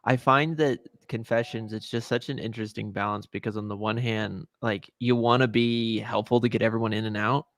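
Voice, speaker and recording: A man's voice: on the low side, steady tone, a little fast, few pauses, a bit bright, dry recording. A man co-hosting a podcast in casual chat, explaining things and joking. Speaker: podcast co-host.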